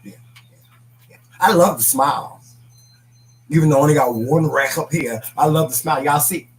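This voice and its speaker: A man's voice: fairly high pitch, moderate pace, low-quality recording. A man co-hosting a casual live-stream talk show, reading comments and laughing as he talks. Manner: animated, laughing, reads viewer comments aloud.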